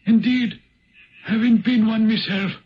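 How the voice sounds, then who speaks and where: A man's voice: high voice, steady tone, a little hiss or hum. The Old Man of the Rock, an ancient Irish Viking spirit. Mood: solemn. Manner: grave, measured, riddling. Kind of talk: 1970s radio drama acting. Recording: dull lo-fi 1970s radio broadcast.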